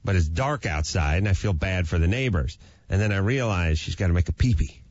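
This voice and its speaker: Animated man telling a funny story. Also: deep voice, fairly quick, no echo. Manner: animated, acts out his dog and his own hushed yelling. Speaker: radio show host. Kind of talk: comic storytelling on a talk show. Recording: slightly dull, dry studio sound.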